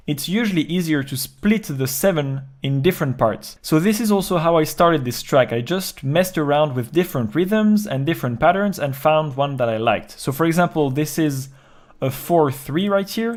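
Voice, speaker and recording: Man calmly walking through his music production. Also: a little high. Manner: calm step-by-step walkthrough, counting beats aloud. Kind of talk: explaining a music production process.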